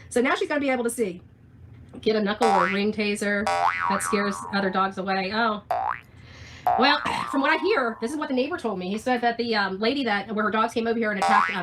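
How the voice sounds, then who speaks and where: Fast-talking rambling woman vlogger. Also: on the high side, very noisy. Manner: rambling, emphatic, many restarts. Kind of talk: casual storytelling to camera. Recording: loud music behind.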